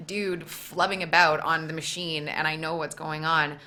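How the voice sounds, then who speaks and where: A young woman, an actor guest, chatting casually in an interview, lively and playful, laughing often. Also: low voice, moderate pace, a little hiss or hum.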